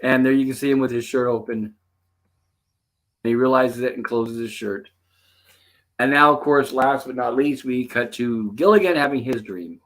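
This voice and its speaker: A man's voice: mid-range voice, moderate pace, long pauses, fairly bright tone. A man hosting a casual show, retelling scenes and quoting the characters' lines. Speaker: host. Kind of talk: casual episode commentary.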